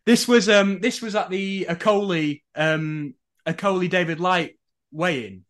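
A man's voice: high-pitched, measured pace, fairly bright tone. A man hosting a podcast interview, chatty and jokey, with frequent hesitant fillers. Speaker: podcast host.

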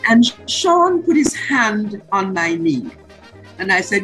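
A woman's voice: mid-range voice, very animated, moderate pace, a bit bright, soft background music, low-quality recording. An older woman from the Caribbean animatedly recounting a film shoot, acting out the quotes as a guest. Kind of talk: storytelling interview.

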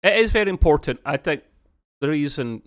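A man's voice: a little high, lively intonation, brisk. A man co-hosting a casual podcast review of a TV episode, rambling along with many restarts and fillers and laughing often.

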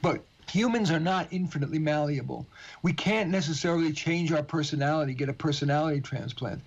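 A man's voice: fairly high pitch, a little fast. A man with a New York and Californian accent, a guest author and career coach speaking on a phone line, joking at times and then earnest and explanatory. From United States. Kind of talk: phone interview.

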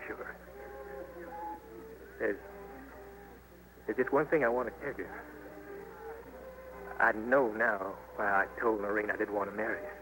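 An actor playing an earnest young trapper with a plainspoken, folksy drawl, in a 1950s radio drama. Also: male voice, lowish voice, steady tone, measured pace, long pauses, music in the background, lightly acted, low-quality recording. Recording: hissy 1950s radio broadcast.

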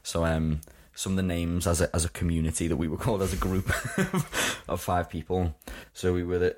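Young man from England, low-pitched, relaxed storyteller, casual chat. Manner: chatty, laughs often, frequent fillers. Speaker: guest telling school stories.

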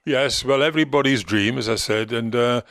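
An older former football manager from Gateshead in North East England reminisces as an interview guest. He is a chatty, teasing storyteller who quotes others in their own voice, speaking briskly in a mid-range, slightly bright voice on a dry recording.

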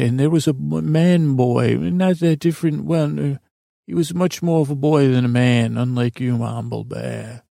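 A man's voice: mid-range voice, steady tone, unhurried, gravelly, mellow, no room sound, studio quality. A man telling an improvised bedtime story to children, meandering along with restarts. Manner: meandering, with many fillers and restarts.

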